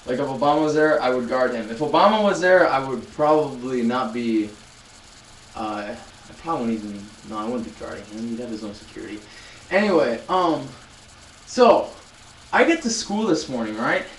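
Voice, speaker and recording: A man's voice: medium pitch, lively intonation, moderate pace, far from the mic. Man in his twenties, casual live-stream chat, rambling with restarts, roomy echo, faint background noise. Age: 20s. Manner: rambling storyteller, many restarts, talking to chat. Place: loud room.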